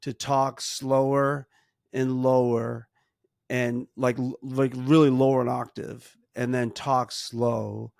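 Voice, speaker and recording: A middle-aged man with a gravelly, fry-laced voice, recorded close and dry. He gives earnest parenting advice in casual conversation. He often restarts sentences and slows down to stress his point. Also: mid-range voice, little pitch movement, darkish tone, no room sound. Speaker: podcast co-host, parent.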